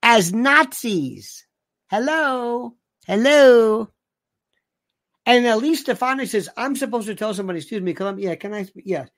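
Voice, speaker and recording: A woman's voice: medium pitch, animated, fairly quick, hardly any pauses, fairly bright tone. A woman hosting a livestream, ranting animatedly and reading viewer comments aloud. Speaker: livestream host. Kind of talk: casual livestream monologue.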